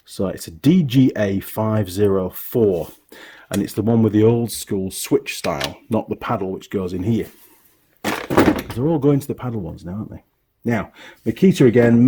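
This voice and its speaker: A man's voice: lowish voice, warm tone, husky. A middle-aged man from the UK, chatting casually as he shows his tools in his home workshop, rambling and correcting himself. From United Kingdom. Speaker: workshop YouTuber, mechanic. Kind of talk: casual tool tour talk.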